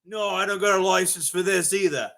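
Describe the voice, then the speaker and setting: Sex: man, voiced by a man. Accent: Australian. Figure: rough outback man. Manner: brash, drawling, higher than the speaker's own voice. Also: brisk, fairly bright tone.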